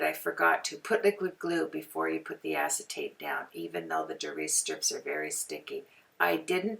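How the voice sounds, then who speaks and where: Woman from canada, craft tutorial host, rambling casual chat, gravelly voice, off-mic. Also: low-pitched, a bit bright, far from the mic. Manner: chatty, rambling, goes off on tangents. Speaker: card-making tutorial host. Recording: voice from away from the mic.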